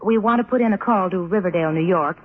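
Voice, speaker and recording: An actress playing a caring, practical young woman friend in an old-time radio drama, soothing but brisk. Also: mid-range voice, slight background noise, close to an everyday voice. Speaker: supportive friend. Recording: tinny old radio broadcast.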